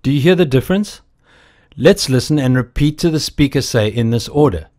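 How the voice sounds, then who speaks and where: Male course narrator, mid-pitched, animated delivery, slow scripted instruction. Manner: slow, deliberate, explanatory.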